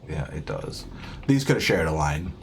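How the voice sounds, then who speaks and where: A man's voice: rumbling low, big pitch swings, normal speed, creaky, slight background noise. A man streaming a game, rambling in a casual, self-deprecating way with lots of fillers. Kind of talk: casual gameplay commentary.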